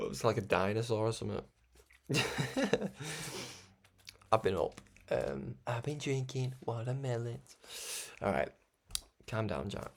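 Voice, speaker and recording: A young man hosting a religious broadcast, talking in a rambling, animated way with frequent laughs. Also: medium pitch, creaky. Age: young adult. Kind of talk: casual spoken monologue.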